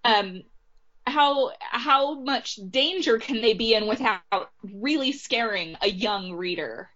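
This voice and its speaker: A chatty woman author laughs her way through a casual interview, often trailing off mid-thought. Her voice sits a little high and comes through a dull, lo-fi recording. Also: takes it slowly, a bit bright. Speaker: author guest.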